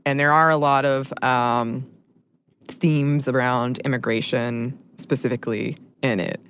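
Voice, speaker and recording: A woman's voice: a bass voice, steady tone, unhurried, fairly bright tone, a little hiss or hum. A woman co-hosting a podcast in casual chat, chatty and often laughing as she talks. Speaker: podcast co-host.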